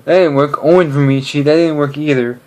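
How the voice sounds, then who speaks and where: A man's voice: on the high side, fairly even intonation, brisk, darkish tone. A man chatting casually to camera in a hesitant way, full of fillers and restarts.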